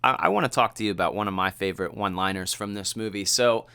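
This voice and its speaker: A man co-hosting a podcast, retelling a film in animated, casual chat full of fillers. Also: fairly low pitch, fast, clear, resonant tone. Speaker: podcast co-host.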